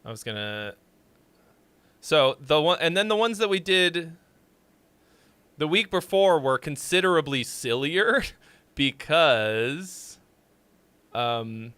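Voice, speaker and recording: Animated, bright-voiced male streamer. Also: fairly high pitch, clean tone, no echo. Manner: rambling, jokey, with sudden loud shouts. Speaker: livestream host reviewing songs. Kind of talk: casual livestream chat.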